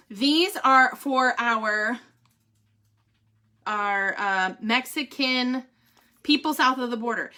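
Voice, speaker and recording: A middle-aged woman, chatting animatedly in a casual vlog and laughing often. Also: fairly high pitch. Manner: animated, laughs often, says "holy cow" and "y'all". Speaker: vlogger giving a family update and product review.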